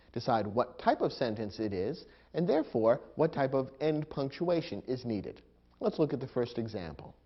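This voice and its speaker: A man narrating a grammar lesson in a measured, explanatory way, reading example sentences aloud with expressive emphasis. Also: mid-range voice. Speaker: grammar instructor. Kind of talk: scripted educational narration. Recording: dull lo-fi recording.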